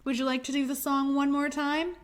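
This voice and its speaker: A young woman librarian leading a children's storytime, gently encouraging and singing nursery rhymes. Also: sits high, flat delivery, fairly quick.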